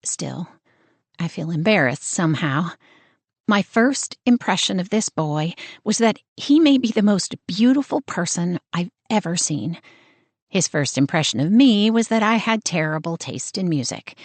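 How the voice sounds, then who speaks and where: A woman narrating a first-person romance audiobook in an expressive, wry storytelling manner. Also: fairly low pitch, a little slow, no room sound.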